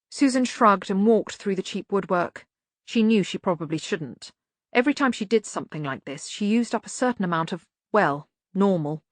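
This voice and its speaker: A woman reading an audiobook in measured, even narration. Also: fairly low pitch, no echo.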